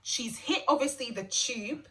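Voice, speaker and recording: A young woman telling a personal story to camera in an animated, chatty way, laughing and repeating phrases for emphasis. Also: a little high, unhurried. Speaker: vlogger.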